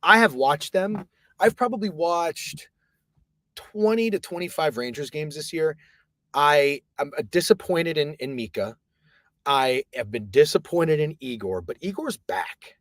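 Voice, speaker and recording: A man hosting a casual sports betting chat from an office booth, talking loosely and profanely, rambling, at times hushed and at times loud. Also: fairly high pitch, lively intonation, measured pace, no echo, studio quality. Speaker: sports betting podcast host.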